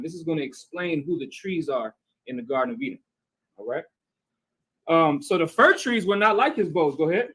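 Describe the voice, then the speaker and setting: High-voiced man teaching scripture. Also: fairly bright tone, breathy edge, poor audio. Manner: conversational, keeps checking with "right?" and calling on readers. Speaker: bible class teacher.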